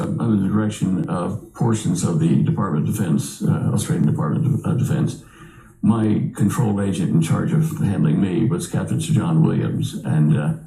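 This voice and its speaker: A man's voice: low voice, gravelly, mellow, roomy sound, poor audio. An older man telling a long personal story as an interview guest, rambling with many fillers and restarts.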